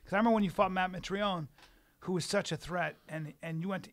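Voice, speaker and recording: Gravelly higher-voiced man, excitable podcast host. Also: fast, a little hiss or hum. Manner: excitable, profane, eggs the storyteller on. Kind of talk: casual podcast chat.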